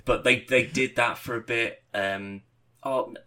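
A man, a podcast co-host, chatting casually and telling a rambling, animated story with swearing and laughter. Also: mid-range voice, a little slow. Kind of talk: casual chat.

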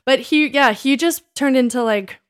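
A woman telling funny stories about old dates in a casual chat, laughing often and acting out what she said back then in a higher voice. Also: normal speed, smooth. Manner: animated, laughing, quotes herself in a higher voice. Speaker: podcast co-host.

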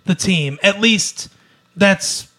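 A man co-hosting a casual podcast chat, retelling a TV episode in an animated way, acting out quoted lines and laughing often. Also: high voice, slow. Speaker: podcast co-host.

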